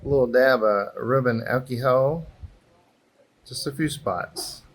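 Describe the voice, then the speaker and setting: A man's voice: medium pitch, unhurried. A man giving a casual craft tutorial on an outdoor patio, chatty and encouraging, thinking aloud as he works, recorded on a camera microphone. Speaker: airbrush artist teaching a craft.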